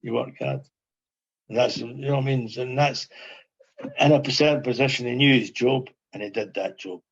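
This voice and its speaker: A man's voice: mid-range voice, steady tone, normal speed, creaky, slightly rough, lo-fi sound. An older man, a former footballer, reminiscing as a podcast guest in a rambling way, repeating phrases and asking "you know what I mean". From Scotland. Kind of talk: casual reminiscing chat.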